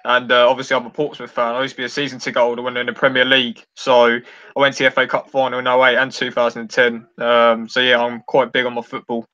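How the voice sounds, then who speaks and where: A man's voice: medium pitch, monotone, fast talker, sharp tone. A man from the south of England with a southern English accent, chatting eagerly and rambling with fillers. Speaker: podcast guest. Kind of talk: casual chat. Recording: dull lo-fi sound.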